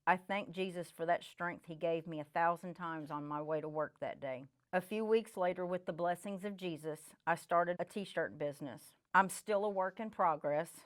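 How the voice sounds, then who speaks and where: A woman's voice: fairly low pitch, moderate pace, hardly any pauses. A middle-aged woman telling her personal testimony in an earnest, reflective way. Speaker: church member giving testimony.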